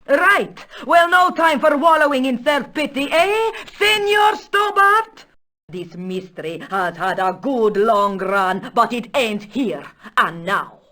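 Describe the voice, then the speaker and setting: An actress voicing a proud, dramatic aging countess with a Spanish accent in a video game, talking in a stately, theatrical way. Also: female voice, medium pitch. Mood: excited. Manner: stately, slow and theatrical, bursts into shouts.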